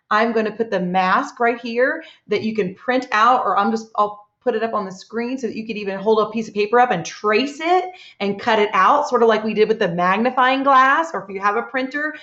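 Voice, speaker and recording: A woman's voice: fairly high pitch, moderate pace, a bit bright. A woman teacher guiding young children through a reading lesson, praising them often. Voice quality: encouraging, lots of praise. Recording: echoey room, dull sound.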